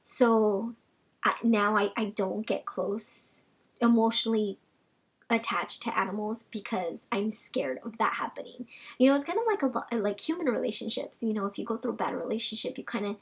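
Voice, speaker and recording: A young woman chatting casually in a Q&A vlog, rambling with lots of fillers and sometimes dropping to a soft near-whisper. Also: mid-range voice, lively intonation, moderate pace, breathy edge. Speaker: vlogger answering viewer questions.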